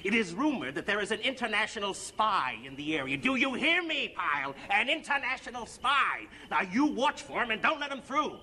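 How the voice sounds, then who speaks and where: An actor playing a gruff army officer who barks orders with exasperation, in a 1960s TV comedy sketch. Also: male voice, sits high, sing-song, normal speed, hardly any pauses, bright, forceful tone, exaggerated voice. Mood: barking.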